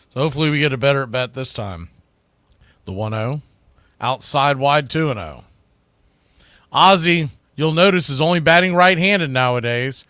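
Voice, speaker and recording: A man's voice: a little high, pushed and bright, clear, resonant tone, no room sound, studio quality. A man calling live baseball play-by-play who often corrects himself mid-sentence.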